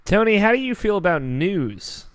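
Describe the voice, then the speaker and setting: A man hosting a casual gaming podcast, rambling in a relaxed way and swearing now and then. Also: high voice, normal speed, loud music behind the voice. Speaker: podcast host.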